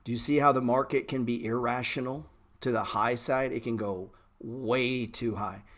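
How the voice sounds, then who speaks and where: A middle-aged man hosting a stock trading livestream, talking bluntly and sarcastically with swearing, and jumping into animated, louder rants. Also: normal speed. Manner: animated rants that jump in pitch and volume. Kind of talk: casual livestream chat.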